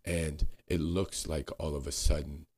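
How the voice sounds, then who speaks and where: A man co-hosting a podcast, talking earnestly and haltingly, searching for words and swearing now and then. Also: a bass voice, little pitch movement, a little mellow. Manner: frequent swearing. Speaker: podcast co-host. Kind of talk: candid reflective conversation.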